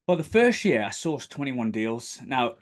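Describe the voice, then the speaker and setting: Man telling an animated story. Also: unhurried. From United Kingdom. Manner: animated, acts out quotes in bursts of higher pitch. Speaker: podcast guest, property developer. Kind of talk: casual storytelling interview.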